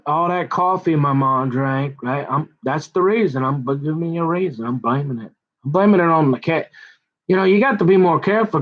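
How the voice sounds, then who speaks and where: A man's voice: on the high side, dull audio. A man doing a rambling, self-mocking comic monologue. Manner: rambling, self-mocking, slips into put-on voices. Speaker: comedian.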